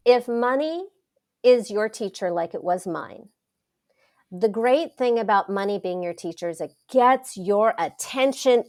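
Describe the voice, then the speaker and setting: A middle-aged woman, a wealth coach, telling stories in a casual interview with dramatic, expressive delivery. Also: a little high. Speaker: wealth coach, podcast guest.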